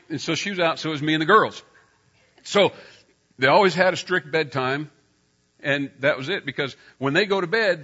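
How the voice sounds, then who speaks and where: A middle-aged man preaching in a storytelling way, his voice bright and a touch high. He turns loud when he acts out a scene. The recording sounds dull and lo-fi. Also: breathy edge. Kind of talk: sermon with personal story.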